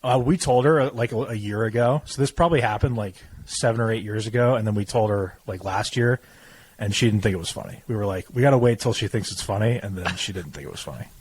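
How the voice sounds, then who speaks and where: A young man co-hosting a podcast, telling stories in a casual, profane, animated way. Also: lowish voice, fast talker, a little hiss or hum, low-quality recording. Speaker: podcast co-host. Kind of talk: casual chat.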